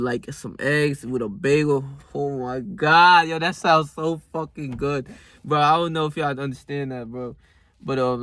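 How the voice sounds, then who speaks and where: A man's voice: medium pitch, a bit bright, no room sound, studio quality. A young man vlogging while out walking in his neighborhood, giving a rambling, profane, slang-heavy motivational pep talk to his viewers. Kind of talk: casual motivational vlog.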